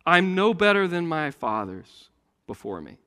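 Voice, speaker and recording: A man voicing a despairing prophet who cries out to God in a high, pleading voice. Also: sing-song, measured pace, sharp tone, long reverb tail, heavily acted.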